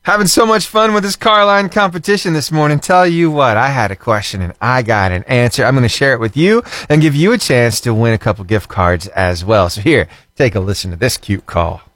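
A man's voice: mid-range voice, lively intonation, fairly quick, few pauses, fairly bright tone, dry recording, soft background music. A cheerful man, hosting a radio morning show in upbeat call-in chat, chuckling often. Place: radio studio.

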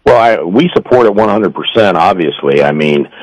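A man's voice: low-pitched, expressive, normal speed, no echo, low-quality recording. A man, a police union leader, talking as a guest in an earnest, emphatic way with many restarts.

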